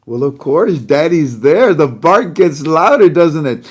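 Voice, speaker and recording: A man hosting an online talk show, teasing an imagined listener with mocking banter and swinging between loud emphatic lines and low muttered asides. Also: expressive, unhurried, hardly any pauses, husky. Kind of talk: casual monologue.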